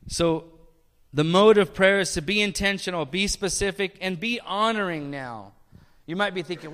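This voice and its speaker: Guy preaching a sermon, high bright voice, chatty with the church, lots of questions, long hall echo. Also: measured pace. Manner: conversational preaching with rhetorical questions and jokes. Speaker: pastor.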